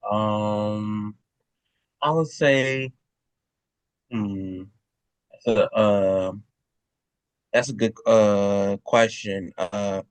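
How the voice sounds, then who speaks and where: A man's voice: fairly low pitch, very slow, pauses often, smooth, no room sound. A man answering as a guest on a video call, hesitant, with many fillers and restarts. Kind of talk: casual interview answers.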